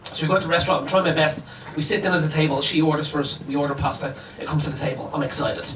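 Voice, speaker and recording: A male comedian races through a story in a live set, jumping into each character's lines as he goes. His voice sits slightly high, and the recording sounds distant and roomy, with the audience heard behind him. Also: racing, slight background noise. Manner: animated storytelling, acting out dialogue. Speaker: stand-up comedian. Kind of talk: stand-up set. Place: comedy club on a boat. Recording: echoey club with audience laughter. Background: audience laughter.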